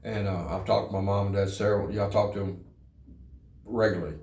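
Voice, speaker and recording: Low, flat male voice, halting earnest testimony, echoey room. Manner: halting and earnest, repeats words. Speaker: interviewee, former prisoner in a recovery program. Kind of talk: personal testimony.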